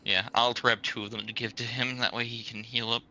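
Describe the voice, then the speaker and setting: Male player with a sharp, bright tone, mid pitch, relaxed table talk. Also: a little fast, a little hiss or hum, low-quality recording. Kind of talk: casual tabletop play.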